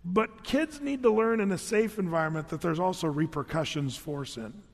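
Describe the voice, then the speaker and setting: Brief: male pastor, lighter high voice, lively conversational sermon with humorous asides, long hall reverb. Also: moderate pace. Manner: animated, conversational, joking asides. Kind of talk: storytelling sermon.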